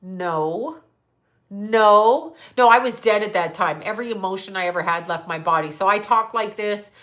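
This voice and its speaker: A woman's voice: medium pitch, normal speed, fairly bright tone. A middle-aged woman from Canada hosts a live stream alone and talks straight to her viewers. She speaks bluntly, swears constantly and rants in a mid-range voice, stopping now and then to answer comments. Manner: blunt, heavy swearing, ranting. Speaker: psychic livestream host. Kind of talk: livestream monologue.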